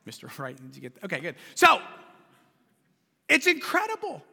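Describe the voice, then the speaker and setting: Man, pastor, sermon, very high bright voice, long hall reverb. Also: wildly swooping pitch, moderate pace, gravelly, slightly rough. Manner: conversational, repeats words, asks the congregation. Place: large church sanctuary.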